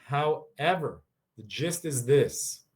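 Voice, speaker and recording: Tired man giving a lively workshop talk. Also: medium pitch, slow pace. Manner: lively, acts out sample dialogues. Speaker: workshop presenter on relationships. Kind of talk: casual online workshop talk.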